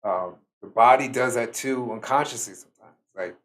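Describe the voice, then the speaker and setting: A tired man giving a slow, reflective solo talk as a spiritual teacher, pausing often with fillers. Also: mid-range voice, fairly bright tone. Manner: slow, musing, with many fillers.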